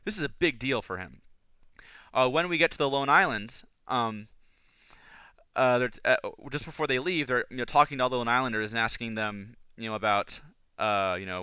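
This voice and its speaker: A man hosts a podcast in a bright, crisp, clear voice, talking casually and eagerly through his analysis. He rambles and restarts his sentences often, his enthusiasm carrying him along. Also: mid-range voice, fast talker, dry recording. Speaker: podcast host. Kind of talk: casual book and film analysis.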